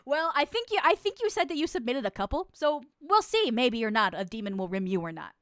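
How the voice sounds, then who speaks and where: A woman streamer hosting a confession bit as a nun, her voice sitting a little high and bouncing widely in pitch. She swings from mock-solemn, theatrical verdicts to crude banter and frequent laughter, recorded close and dry. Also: very animated, a little fast, fairly bright tone, no room sound. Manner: laughs often. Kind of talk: casual stream chat, playing a nun hearing confessions.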